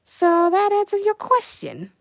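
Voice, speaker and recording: A young woman chatting casually on a livestream while she animates, reading chat messages aloud and breaking into excited outbursts. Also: very high voice, a little slow, gravelly, dry recording.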